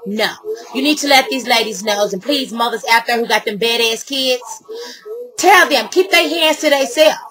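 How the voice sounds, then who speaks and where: A woman's voice: on the high side, normal speed, a crowd in the background, low-quality recording. A middle-aged woman ranting to camera, heated and blunt, with a lot of swearing. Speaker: vlogger.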